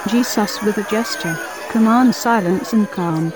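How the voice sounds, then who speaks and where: A woman narrating a religious story in a measured, solemn reading. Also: medium pitch, fairly even intonation, crowd noise. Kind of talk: scripted narration of a devotional story. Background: faint instrumental music.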